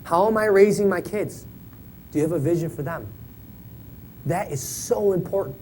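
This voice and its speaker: A man's voice: high voice, moderate pace, mellow, slight background noise, low-quality recording. A man in his thirties preaching a folksy, joking sermon in a church, often checking in with "right?". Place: church sanctuary.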